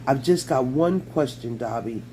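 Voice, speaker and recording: A man's voice: mid-range voice, measured pace, dark tone, a little hiss or hum, lightly acted. A man voicing a modest, friendly boy wizard in a book reading. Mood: questioning. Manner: easygoing, modest.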